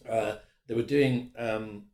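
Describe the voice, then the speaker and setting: A middle-aged voice actor, chatting in an interview in a self-deprecating way, laughing often. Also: male voice, fairly low pitch, steady tone, slow, mellow. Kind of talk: casual interview chat. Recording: roomy echo.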